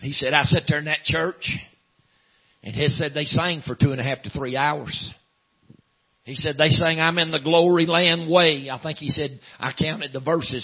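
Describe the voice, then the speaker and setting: A man preaching a sermon in a folksy drawl, filling pauses with "uh", swinging from loud preaching to hushed storytelling. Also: medium pitch, breathy edge. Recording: dull lo-fi sound.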